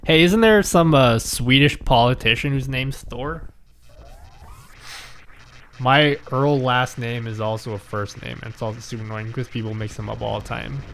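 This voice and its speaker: A man's voice: medium pitch, normal speed, creaky, fairly bright tone, a little hiss or hum. A man streaming live, chatting casually, reading chat aloud and joking with viewers.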